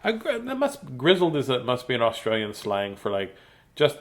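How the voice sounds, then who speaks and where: A man's voice: medium pitch, huge pitch swings, normal speed. A man hosting a casual read-aloud of picture books for children, playful and jokey, with silly asides.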